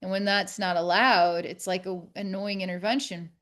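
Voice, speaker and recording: Woman guest, mid-pitched, candid storytelling, halting and reflective. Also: steady tone, a bit bright. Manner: reflective, halting, with many restarts. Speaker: podcast guest.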